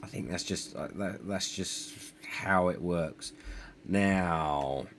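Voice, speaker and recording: A man's voice: low voice, slow pace, fairly bright tone, a little hiss or hum. A man streaming a city-building game, thinking aloud in a rambling, self-deprecating way. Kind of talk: live gameplay commentary.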